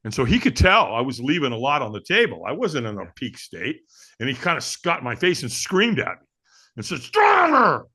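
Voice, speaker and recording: A man guest on an interview show, telling a personal story with lively, acted-out quotes and frequent restarts. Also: mid-range voice, a little fast, slightly rough. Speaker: guest, firewalk instructor.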